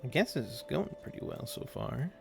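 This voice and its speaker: A man's voice: medium pitch, wildly swooping pitch, moderate pace, gravelly, over music. A man streaming a game, chatting casually with viewers in a rambling, easygoing way while calling out what happens in play. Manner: rambling, easygoing, answers chat between game callouts.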